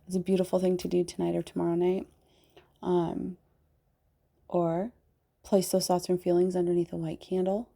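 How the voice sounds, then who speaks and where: A woman's voice: on the low side, creaky, dark tone. A woman in her thirties from the Pacific Northwest, rambling in a heartfelt spiritual talk and swearing casually. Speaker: spiritual channel host.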